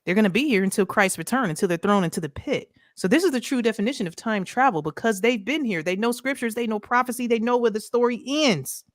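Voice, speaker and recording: Her voice sits a little high, and she talks quickly with few pauses while co-hosting a casual rant of a podcast over video call. Emphatic throughout, she circles back to her points and asks "right?" over and over. It's recorded cleanly in a studio, with no echo.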